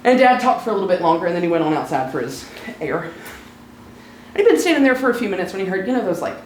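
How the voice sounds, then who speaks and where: A speaker telling a personal story live on stage, chatty and lightly humorous, slowing down at emotional moments. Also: medium pitch, very animated, roomy sound, slight background noise, rough recording. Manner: conversational, warm-humored, slows down for emotional moments.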